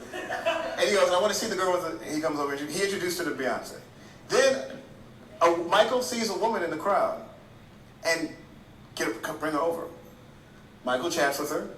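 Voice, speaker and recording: A man's voice: on the high side, fairly bright tone. A man telling stories in an interview clip, conversational with restarts. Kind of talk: interview storytelling. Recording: echoey, from far off, faint hiss.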